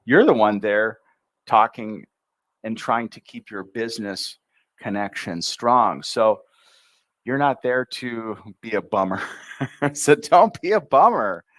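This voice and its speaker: Slow, low-voiced American English teacher. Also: male voice, fairly bright tone. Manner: drills words slowly by syllable, upbeat asides. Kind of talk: livestream pronunciation lesson.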